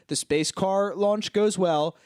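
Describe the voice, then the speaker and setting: A slightly high-voiced man co-hosting a podcast, recapping a movie with animated, laughing storytelling. He talks casually into a close mic, and the sound is dry and close with no room around it. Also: slow pace, clean tone, no echo. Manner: animated storytelling, laughs while retelling scenes. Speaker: podcast co-host. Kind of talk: casual film recap chat.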